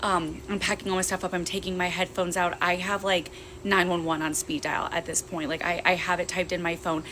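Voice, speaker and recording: A young woman tells her own unsettling story in a casual chat, her voice on the low side for a woman. She moves fast and tense, acting out what others said. A faint background hiss sits under her. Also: flat delivery. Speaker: guest.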